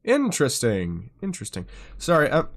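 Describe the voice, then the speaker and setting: A man's voice: on the high side, huge pitch swings, moderate pace. A man live streaming, frustrated as he fixes his setup, swearing and muttering to himself.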